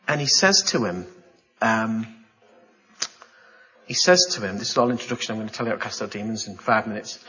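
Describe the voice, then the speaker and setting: A man delivers a sermon with a bright, forceful voice, dramatising the story with gasps and exclamations. He talks to his congregation like a storyteller. The recording is slightly dull and lo-fi. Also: mid-range voice. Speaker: pastor.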